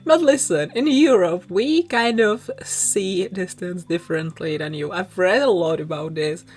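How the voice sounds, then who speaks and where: A woman's voice: lowish voice, measured pace, slightly rough. A young woman from southern Bohemia with a Czech accent, chatting in a rambling, self-conscious way with frequent small laughs as she talks over her build video. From southern Bohemia, Czech Republic. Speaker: YouTuber. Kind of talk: rambling casual chat over a speedbuild. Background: soft background music.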